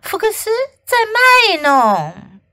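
A woman's voice: high-pitched, very animated, drawn-out words, pushed and bright, dry recording, clean studio sound, pitched above the performer's own voice, exaggerated voice. A woman voicing Dexter, a tattling young schoolmate in a children's storybook. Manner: tattling and amazed.

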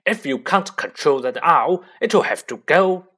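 A man's voice: on the high side, sing-song, unhurried, sharp tone, breathy edge, voice pushed up, exaggerated voice. A man voicing a blustering, bullying middle-aged uncle who snarls and roars. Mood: snarling. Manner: roaring, snarling, thundering.

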